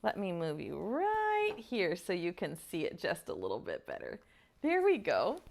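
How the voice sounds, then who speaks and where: A woman teaching an online preschool lesson to small children, speaking gently and encouragingly and singing slow children's songs. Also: on the low side, wildly swooping pitch, gravelly.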